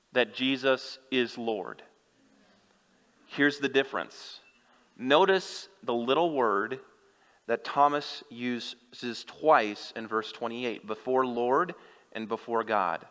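A man preaching an unhurried sermon in a bright, forceful voice. His earnest address to the congregation rings out with a long hall reverb, as in a church sanctuary. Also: mid-range voice. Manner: earnest direct address to listeners. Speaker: pastor.

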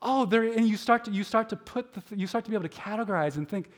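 A middle-aged preacher with a high voice delivers a conversational sermon at a quick pace with few pauses. He's chatty and self-deprecating, sprinkling in plenty of filler likes, and he animates his stories by acting out his inner voice.

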